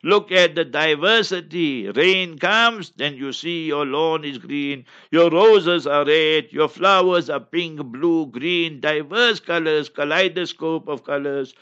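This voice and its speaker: A man's voice: on the high side, takes it slowly, few pauses, fairly bright tone, smooth, dull audio. A male religious teacher giving a stern, emphatic sermon-style lesson, moving between English and chanted Arabic recitation. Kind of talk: instructive sermon.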